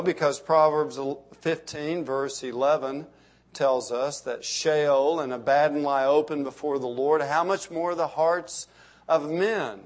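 A middle-aged man delivers a sermon from the pulpit. His voice sits a little high for a man. He leans hard on repeated phrases, then lets each sentence sink to a soft close. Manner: emphatic preaching with rising emphasis and soft trailing endings. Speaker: pastor.

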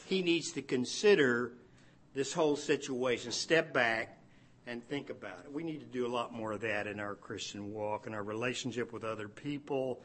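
A man's voice: medium pitch, fairly bright tone. A man preaching a conversational sermon on a Bible passage. He asks rhetorical questions and laughs now and then. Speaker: pastor.

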